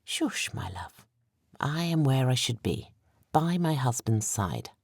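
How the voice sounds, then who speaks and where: A woman narrator voicing a gentle, devoted queen who speaks in a soft, hushed, tender voice. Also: very deep voice, very animated, slow, vocal fry, dry recording, studio quality, full character voice.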